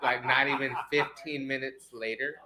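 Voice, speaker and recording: A man hosting a podcast, telling a rambling, profane story in a casual, animated way. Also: mid-range voice, normal speed, noisy background. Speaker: podcast host.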